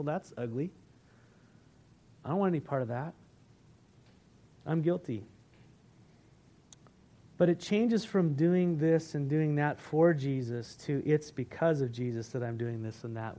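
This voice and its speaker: A man preaching a sermon as pastor, earnest and building, then easing into a soft, reflective prayer. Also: fairly high pitch. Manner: earnest preaching, rising and falling in intensity.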